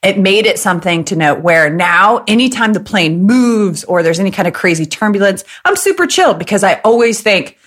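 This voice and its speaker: A woman's voice: medium pitch, expressive, a bit bright. A woman from the American Midwest, likely in her thirties, hosting a casual solo podcast and telling stories in a chatty, joking way. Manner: chatty, jokey, fast talker. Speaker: podcast host.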